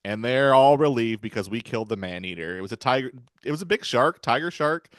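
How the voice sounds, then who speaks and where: A man's voice: mid-range voice, expressive, a little fast, a bit bright, dry recording, clean studio sound. A man in casual podcast chat about a film, retelling scenes and acting out the characters' lines. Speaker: podcast guest.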